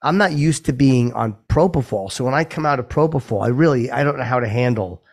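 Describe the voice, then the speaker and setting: A man's voice: mid-range voice, brisk, vocal fry. A man co-hosting a podcast in casual chat, easygoing and a little hesitant, with many fillers. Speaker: podcast co-host.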